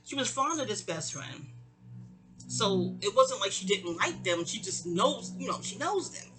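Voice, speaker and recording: Middle-aged woman, lively storyteller, voice jumps high when she quotes people, music underneath. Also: a little slow. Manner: animated, digressive, acts out quoted voices with sharp pitch jumps. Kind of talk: rambling storytime monologue.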